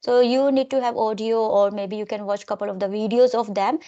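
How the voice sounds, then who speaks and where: A woman from India with an Indian accent, hosting an English conversation practice chat and explaining things quickly. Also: medium pitch, steady tone, dark tone. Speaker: host. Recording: dull lo-fi sound.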